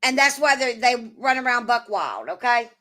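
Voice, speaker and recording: A woman's voice: on the high side, very animated, moderate pace, sharp tone. A woman hosting a casual livestream, swearing often and arguing back at her chat. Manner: profane, combative, answers chat. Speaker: livestream host.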